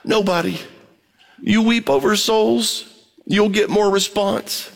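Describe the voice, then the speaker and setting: A male preacher delivering a radio sermon in a high, tenor-like voice. He pleads with urgency, climbing even higher at his peaks, then drops low to drive a point home. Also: takes it slowly, gravelly. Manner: impassioned, swinging between high urgent pleading and low emphatic asides.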